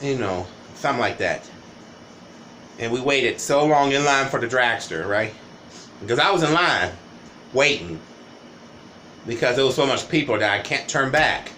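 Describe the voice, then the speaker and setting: A man's voice: mid-range voice, lively intonation, moderate pace, long pauses, bright, forceful tone, a little hiss or hum. Rambling man telling a coaster story. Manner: rambling, repeats "right?" and "you know". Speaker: vlogger. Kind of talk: casual storytime monologue.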